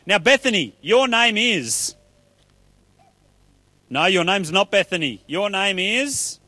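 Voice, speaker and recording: A man with a high voice leads a church children's talk, chatty and upbeat as he pulls volunteers into a story. The sound is dry and close. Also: sing-song, slow pace, bright, forceful tone, dry recording. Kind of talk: children's talk with audience play.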